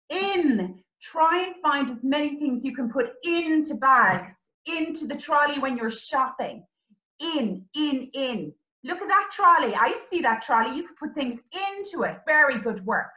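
Animated sing-song woman teacher. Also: sits high, unhurried. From Ireland. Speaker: early years teacher. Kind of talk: children's lesson with songs. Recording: roomy echo.

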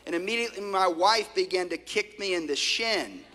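A male pastor delivers a sermon in a bright, slightly raised voice. He tells stories with energy, rising to loud bursts and dropping to hushed tones. The sound rings with the long reverb of a large church hall. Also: high voice, moderate pace, a little hiss or hum. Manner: animated storytelling preacher, swings from loud to hushed.

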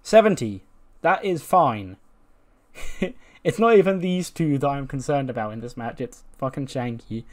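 A man's voice: mid-range voice, expressive, normal speed, a little mellow. A man casually commenting on a wrestling management game, chatty and joking. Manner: chatty, laughs at his own jokes.

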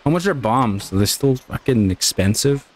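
Excitable swearing male gamer. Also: medium pitch, normal speed. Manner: excitable, swears and laughs when frustrated. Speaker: let's play gamer. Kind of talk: casual gameplay commentary.

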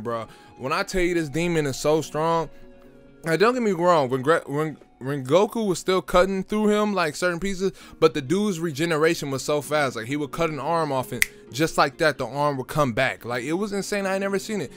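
Young man, excited, slangy, stumbles over words, fairly high voice, faint music behind. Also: moderate pace. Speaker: video creator reviewing a film. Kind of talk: casual excited recap.

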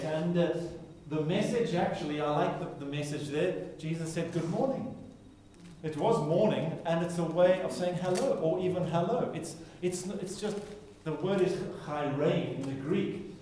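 A man teaching a Bible class in a chatty, playful way, tossing in asides and mock voices. His voice sits a little high. It is heard from a mic far off, in a very echoey room. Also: a little mellow, slight background noise. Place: chapel classroom.

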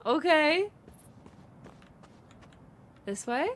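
A woman's voice: high-pitched, big pitch swings, very slow, a bit bright, slight background noise. A young woman giggling and thinking aloud as she plays a story game, thanking her viewers along the way. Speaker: gaming streamer. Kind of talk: let's play commentary.

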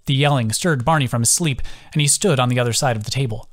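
A man's voice: medium pitch, quick pace, few pauses. Man narrating a fantasy audiobook. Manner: steady storytelling. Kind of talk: scripted narration.

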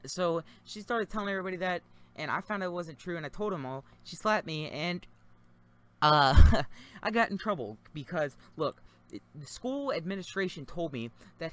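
A man's voice: sits high, expressive, normal speed, fairly bright tone. A young man commentating over gameplay, telling a rambling story in a loose, casual way, with plenty of fillers and casual swearing. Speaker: gaming channel commentator.

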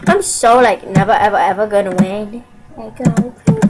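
A woman from Canada giving excited, self-mocking commentary while playing a game, with sudden yelps, laughs and dramatic complaints. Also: medium pitch, moderate pace, heavy background noise. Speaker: gaming channel host.

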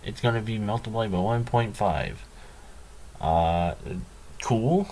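Slow, low-voiced sarcastic man. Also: darkish tone, a little hiss or hum. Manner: dry, sarcastic, self-mocking. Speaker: gaming channel host. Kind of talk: let's play commentary.

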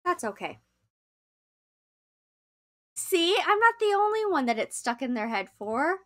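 A young woman chatting casually to viewers as she plays a game on a live stream, easily excited. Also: high-pitched, a little slow.

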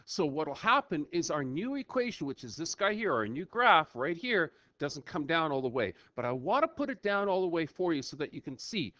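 A man's voice: fairly high pitch, moderate pace, hardly any pauses, no room sound. A man teaching a screen-recorded math lesson in a playful, chatty way, thinking aloud as he works through the problem. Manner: playful, animated, talks to himself while working. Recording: dull lo-fi dry recording.

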